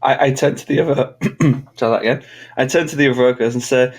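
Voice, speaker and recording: A man's voice: mid-range voice, a little fast. A man playing in a tabletop game, friendly and stammering at starts. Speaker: player. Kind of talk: casual tabletop role-play.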